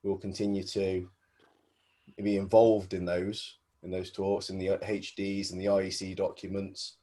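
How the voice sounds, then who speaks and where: A man's voice: low voice, level tone, unhurried, warm tone. A man, a guest explaining wiring rules in a hesitant, explanatory way on a casual podcast. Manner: hesitant, explanatory, many fillers. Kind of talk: casual chat.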